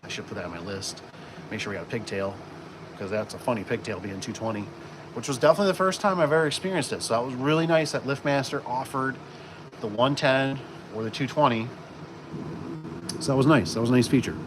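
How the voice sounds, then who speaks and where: A man's voice: medium pitch, fast talker. A man who installs garage doors chatting casually on a livestream, rambling with many fillers and restarts. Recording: noisy, with air conditioning and vehicle sounds.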